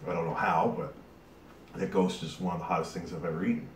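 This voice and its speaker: Man, very low voice, casual rambling channel host, sweating; off-mic in an echoey room. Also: steady tone, fast, distant mic. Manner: rambling, chatty, with many fillers. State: sweating from eating a hot pepper. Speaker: YouTube host. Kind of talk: casual vlog talk to camera. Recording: roomy echo, off-mic, faint hiss.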